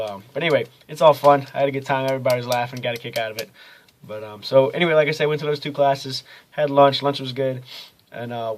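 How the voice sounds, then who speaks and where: Young guy, college student vlogger, laid-back rambling daily diary, mid-pitched voice. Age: young adult. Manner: rambling, easygoing, many ums and uhs. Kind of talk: casual daily video diary.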